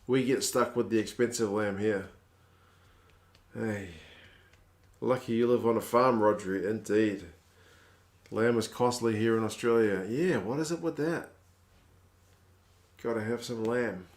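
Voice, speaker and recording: A man's voice: fairly low pitch, unhurried, pauses often. A man in his thirties with a New Zealand accent, hosting a live stream and chatting casually as he reads out viewer comments in a laid-back, wry way.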